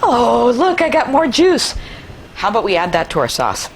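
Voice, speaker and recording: A woman's voice: a little high, sing-song, normal speed, a little hiss or hum. A middle-aged woman hosting a cooking show in her kitchen, chatty and enthusiastic, with playful asides as she demonstrates a recipe.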